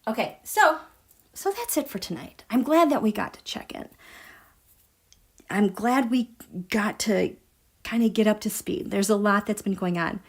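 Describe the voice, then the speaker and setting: A woman's voice: medium pitch, a little slow, pauses often. A woman hosting a tarot and astrology livestream, chatting casually and emphatically with her viewers and reading out their comments. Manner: animated, emphatic, talks straight to her viewers.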